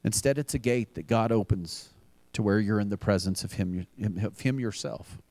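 A man's voice: fairly low pitch, moderate pace, darkish tone, no room sound. A man preaching a sermon as pastor, earnest and building to emphatic repeated refrains. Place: church.

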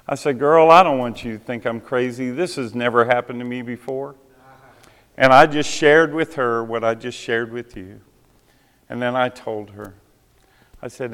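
This man's mid-range voice moves at a moderate pace, smooth and slightly bright, as he delivers a sermon testimony about his own life and imitates those he quotes. The church sanctuary gives it a long, hall-like reverb.

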